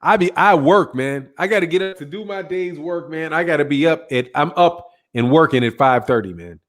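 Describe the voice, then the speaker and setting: A middle-aged man talks loosely in a fairly high voice, tired and yawning. His boxing chat rambles along, full of slang, restarts and self-corrections. He answers viewer comments in a casual livestream manner. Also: lively intonation, moderate pace. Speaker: boxing channel host.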